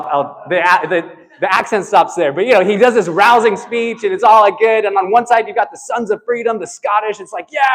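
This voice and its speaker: A man preaching a sermon in a conversational, animated way, with frequent asides to the congregation. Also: on the high side. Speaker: pastor.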